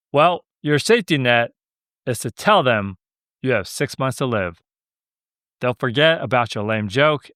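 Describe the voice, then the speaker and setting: A man's voice: mid-range voice, a bit bright, clean tone, dry recording, studio quality. A young man hosting a podcast, telling stories in a laid-back, joking way. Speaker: podcast host. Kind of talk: casual storytelling monologue.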